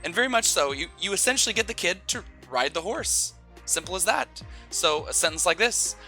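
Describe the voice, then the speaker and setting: A man giving online teaching advice in an energetic, demonstrative way. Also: on the high side, soft background music. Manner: energetic, demonstrates stress with slow exaggerated example sentences. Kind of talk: online teaching tips video.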